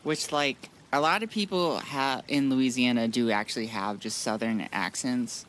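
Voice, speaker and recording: A man's voice: mid-range voice, normal speed, a bit bright, a little hiss or hum. A man streaming a modded game, chatting casually in a rambling, blunt way with frequent restarts. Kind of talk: casual live-stream chat.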